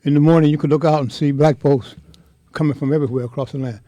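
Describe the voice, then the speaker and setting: An older man telling a heartfelt story in an interview, speaking with impassioned, halting repetition. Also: fairly high pitch, fairly even intonation, mellow, dry recording. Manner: impassioned, halting, repeats words. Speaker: interviewee, veteran.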